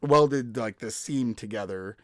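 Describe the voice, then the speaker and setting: A man's voice: medium pitch, measured pace, no room sound, studio quality. A man in his thirties hosting a podcast, telling stories in casual chat, laughing often and acting out quoted voices. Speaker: podcast host.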